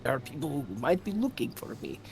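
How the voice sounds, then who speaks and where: A man's voice: fairly high pitch, very animated, fast talker, creaky, darkish tone, faint music behind. A man voicing a secretive male adventurer who lectures others defensively. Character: secretive, touchy male adventurer hiding his voice.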